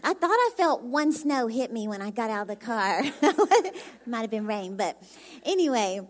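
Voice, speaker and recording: A woman's voice: fairly high pitch, sing-song, normal speed. A woman from Dallas with a Texan accent and a very youthful, childlike voice, preaching as a bubbly, chatty guest speaker who laughs often. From Dallas, Texas. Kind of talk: sermon.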